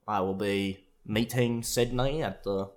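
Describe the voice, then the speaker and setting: A man's voice: on the low side, steady tone, natural voice. Man doing a stiff, formal young man. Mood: earnest. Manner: slow, precise, oddly formal.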